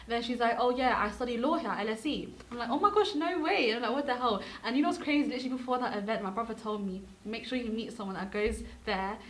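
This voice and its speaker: Teenage girl, animated storytelling, slightly high voice, faint background noise. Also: rapid-fire, few pauses. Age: late teens. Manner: animated storyteller, acts out quotes. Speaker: student guest. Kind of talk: casual chat.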